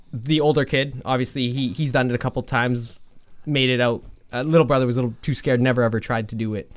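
A man with a smooth, clear voice tells a story in an offhand, conversational way. He rambles, restarts his sentences and leans on fillers, with the odd curse word dropped in. His voice sits at a middling pitch. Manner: rambling, halting, full of fillers and restarts, swears freely. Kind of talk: casual spoken storytelling.

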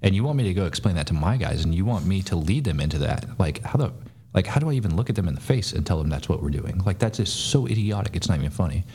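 A man's voice: sits low, sing-song, dark tone, husky. A man, a former soldier and podcast guest, telling a story in a blunt, profane, casual way. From United States. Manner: blunt, profane, fast-talking.

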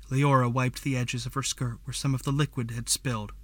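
Bright-voiced male audiobook narrator. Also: mid-range voice, little pitch movement, no room sound. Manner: measured storytelling.

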